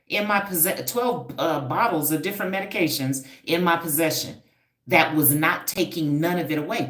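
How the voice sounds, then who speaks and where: A woman's voice: low-pitched, fairly bright tone, reverberant. A woman hosting a casual livestream, talking straight to her viewers in an emphatic, preachy way, repeating points for effect. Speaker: livestream host, hair stylist and wellness coach.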